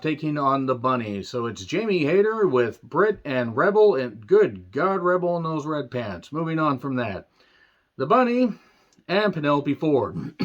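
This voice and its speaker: A tired man recapping a wrestling show in a casual solo review, rambling with fillers, wry asides and frequent throat-clearing. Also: a little high, dull audio.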